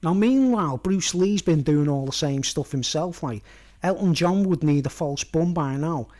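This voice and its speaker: A man's voice: fairly high pitch, lively intonation, normal speed, dark tone. A man rambling through a casual vlog monologue in a slightly raised voice. He chuckles at his own jokes and keeps checking in with "you know what I mean", so the talk runs on loosely. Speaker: vlogger.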